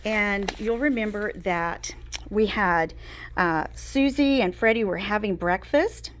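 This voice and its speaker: Slow-talking woman teacher on a video call. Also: medium pitch. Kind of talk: online class lesson and read-aloud.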